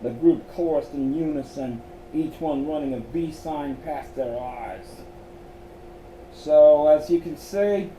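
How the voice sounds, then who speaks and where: A man reads an excerpt of his own storybook, pausing and restarting when he trips over words. His voice is mellow and dark-toned. It sits in a roomy echo with a faint hum behind. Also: fairly high pitch. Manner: slow with stumbles and restarts. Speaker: author and reader.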